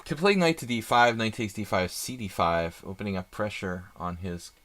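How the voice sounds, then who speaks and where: A man's voice: lowish voice, normal speed, fairly bright tone. A man doing live chess stream commentary, chatty and thinking aloud with rambling asides.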